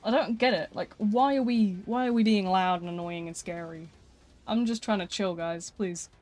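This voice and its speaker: A woman's voice: mid-range voice, moderate pace, darkish tone, soft background music. A woman streaming live, chatting casually and rambling with frequent laughter.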